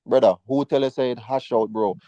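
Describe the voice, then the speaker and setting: A man's voice: mid-range voice, steady tone, fairly quick, dark tone, no echo, lo-fi sound. A Jamaican man defending his view in a heated casual debate, calling others "bro" again and again. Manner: defensive, pleading, repeats "bro". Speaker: panelist.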